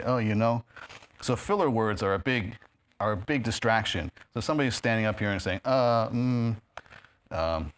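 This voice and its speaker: A fairly low, fairly bright male voice with a New York accent belongs to a New Yorker giving a casual guest talk to a live audience in a spiritist center's meeting hall. Heard through a handheld or stand microphone, he's chatty, leans on many fillers, and laughs at his own jokes.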